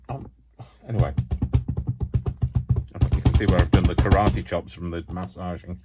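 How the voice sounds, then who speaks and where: A man's voice: sits low, moderate pace, long pauses, over loud music. A man chatting his way through a hands-on craft tutorial at home, wandering off into self-mocking asides.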